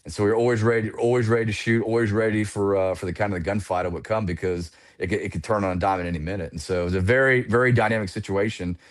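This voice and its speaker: A man in his forties, a retired Air Force pilot, telling war stories casually as a podcast guest, animated and full of "you know" fillers. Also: lowish voice, fast, few pauses.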